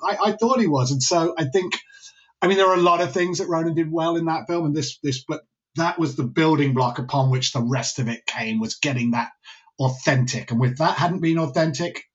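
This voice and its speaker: A man's voice: fairly high pitch, brisk, highs cut off. Enthusiastic man telling a story. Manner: enthusiastic storyteller, many restarts. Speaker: film director. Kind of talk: podcast interview anecdote.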